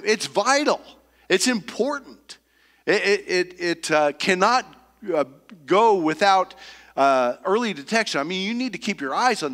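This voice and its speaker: A middle-aged man preaching a sermon as pastor, earnest and halting, often repeating words as he searches for the next phrase. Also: fairly high pitch, a bit bright. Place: church sanctuary. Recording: long reverb of a church hall.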